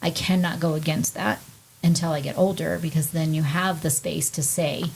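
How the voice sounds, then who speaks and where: A woman's voice: sits low, fairly even intonation, moderate pace, gravelly, slight background noise, low-quality recording. A woman co-hosting a podcast, frankly talking through ideas at length in a casual chat. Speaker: podcast co-host.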